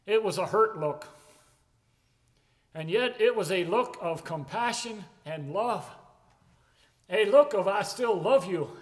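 A man preaching a sermon in an emphatic, repetitive cadence that swings from loud declarations to hushed tones. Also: sits high, long reverb tail.

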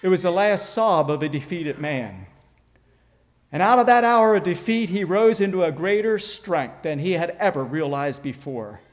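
Guy preaching slow and careful, kinda high voice, big echoey church. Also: lively intonation. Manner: slow, deliberate preaching with dramatic drops in volume. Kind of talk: sermon. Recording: long reverb of a large hall.

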